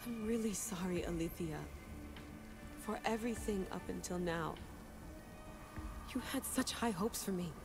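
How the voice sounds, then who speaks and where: A woman's voice: medium pitch, measured pace, pauses often, close to an everyday voice. An actress playing a determined young woman researcher in a video game cutscene, speaking earnestly and insistently. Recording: reverberant game audio over music.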